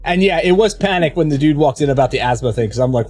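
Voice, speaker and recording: Game streamer just rambling to chat, blunt, voice all over the place, quiet music behind. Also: medium pitch, expressive, fast. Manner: rambling, frank storyteller with swearing and restarts. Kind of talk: casual chat with viewers while streaming.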